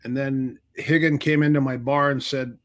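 Middle-aged man telling lively stories. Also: mid-range voice, normal speed. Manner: animated storyteller acting out quoted dialogue. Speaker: martial arts instructor, guest. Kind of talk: casual storytelling interview.

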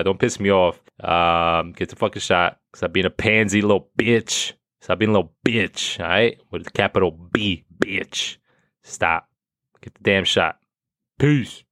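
Profane ranting man with a deep voice. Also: dry recording, clean studio sound. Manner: loud, profane, ranting, laughs at his own jokes. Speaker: podcast host. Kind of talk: profane comedic rant.

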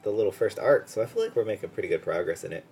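A laid-back man with a low voice co-hosts an anime podcast. His voice swings widely in pitch as he agrees along and chats. Faint music plays in the background. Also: lively intonation, rapid-fire, a little mellow, slightly rough. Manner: laid-back, agreeable, says "yeah" and "dude" a lot. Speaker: podcast co-host. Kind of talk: casual chat.

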